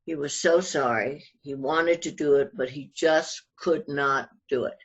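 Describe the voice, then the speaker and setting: A speaker telling a backstage anecdote in an unhurried, earnest way. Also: medium pitch, fairly bright tone, breathy edge. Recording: dull lo-fi recording.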